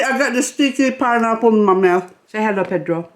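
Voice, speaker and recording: A woman's voice: fairly high pitch, moderate pace. A woman vlogger at home, talking casually and rambling, often laughing as she chats. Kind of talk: casual chatty vlog. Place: at home indoors.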